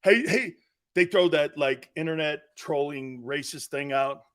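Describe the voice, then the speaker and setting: A middle-aged male sports talk host in a casual storytelling monologue. His voice sits a little high for a man, and he jumps into the voices of the people he quotes. He laughs often as he talks. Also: a little slow, a bit bright.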